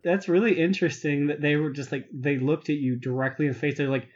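A man's voice: fairly high pitch, steady tone. Wry man with a slightly dull-sounding mic. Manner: wry, quick to laugh. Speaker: podcast co-host. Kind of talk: casual gaming podcast chat.

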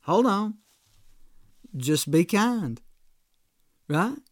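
A man's voice: sits high, very animated, extremely slow, no echo, clean studio sound. A man preaching a sermon as pastor, in a conversational way with frequent restarts and "right?" asides.

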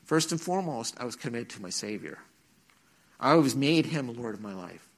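A middle-aged man with a sing-song, mid-range voice speaks at a moderate pace to teenagers in a church. He tells his own testimony earnestly, like a story, acting out the quotes.

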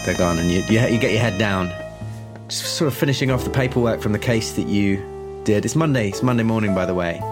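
A low-pitched man runs a tabletop horror game as game master. He narrates in a relaxed, halting way, pausing on fillers as he sets each scene. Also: over music.

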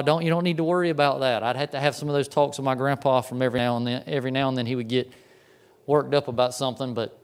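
A man's voice: on the high side, clean tone. A pastor preaching a sermon in a conversational way, often repeating words as he tells stories.

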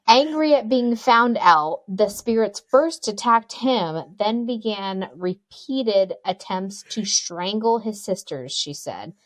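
A woman's voice: mid-range voice, expressive, takes it slowly, few pauses, no echo. A woman podcast co-host telling a spooky story in casual chat, joking asides and reading out an old news article. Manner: chatty, jokey asides, frequent ums.

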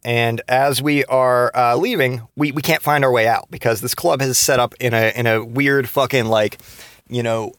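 A podcast host in his thirties delivers a casual monologue of rambling, profane stories from his past, full of restarts and fillers. His medium-pitched voice is steady and a bit bright at normal speed, recorded studio-clean with no echo.

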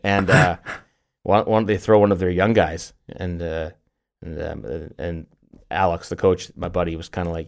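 A middle-aged man co-hosting a podcast, telling stories in an animated way with lots of restarts and laughs. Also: low-pitched, moderate pace, vocal fry. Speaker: podcast co-host. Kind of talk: casual chat.

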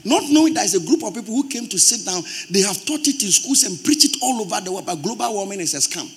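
A man with a Ghanaian accent preaching a sermon in church, forceful and emphatic, rising to loud outbursts. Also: high voice, animated, quick pace. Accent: Ghanaian English. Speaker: pastor.

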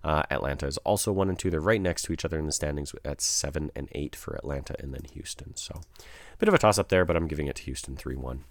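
A man's voice: extremely low pitch, fast talker, no room sound. A man talking through his esports match predictions in a casual, conversational way, thinking aloud and changing his picks as he goes. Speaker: esports commentator.

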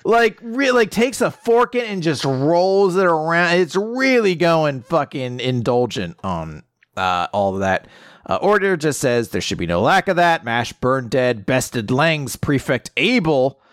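A man casually recapping a story chapter on a podcast, animated and swearing, popping into quick funny voices for the characters. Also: a little high, dry recording, clean studio sound.

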